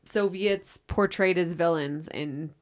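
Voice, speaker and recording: A woman co-hosting a casual history podcast, chatty and quick to laugh. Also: on the low side. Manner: chatty, laughing, filler-heavy. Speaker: podcast co-host.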